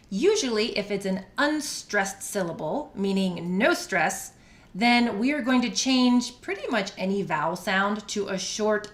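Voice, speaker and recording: An American woman teaching a pronunciation lesson, speaking slowly and deliberately and spelling words out letter by letter. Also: mid-range voice, a bit bright. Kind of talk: scripted lesson. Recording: echoey room.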